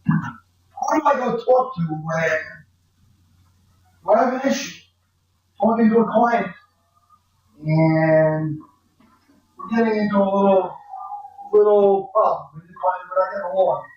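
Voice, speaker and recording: A man's voice: high voice, unhurried, long pauses, a little mellow, recorded from a distance, lo-fi sound. Blunt man lecturing in an echoey hall. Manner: blunt, conversational, acts out client quotes. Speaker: accounting professor. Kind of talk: classroom lecture. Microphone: far from the mic. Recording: echoey classroom recording from afar.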